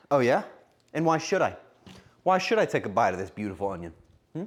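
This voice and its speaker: A man's voice: medium pitch, big pitch swings, normal speed. A male streamer chatting casually with his viewers while cooking, playful and joking. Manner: playful, joking banter with chat.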